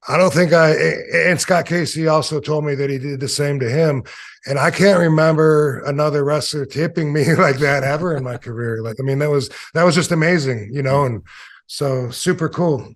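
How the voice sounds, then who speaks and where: A former wrestler in his fifties talks casually in a slightly high voice. He spins loose, rambling anecdotes full of fillers and now and then mimics the people he quotes. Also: normal speed. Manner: acts out quoted voices in stories. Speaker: interview guest, former wrestler. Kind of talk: casual storytelling interview.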